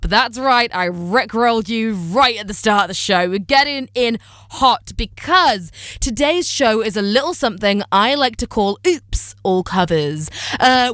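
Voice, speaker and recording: A woman's voice: fairly high pitch, a bit bright, clear, resonant tone, no room sound, clean studio sound. A woman hosting a weekly radio music show, chatty, upbeat and self-deprecating. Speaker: radio host.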